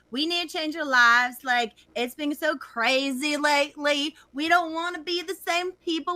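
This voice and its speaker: A woman's voice: high voice, sharp tone. A woman playing a ditzy suburban woman who now sees herself as a cowgirl, rambling with lots of "like" over a video call mic. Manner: rambling, valley-girl "like" talk. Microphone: computer mic on a video call.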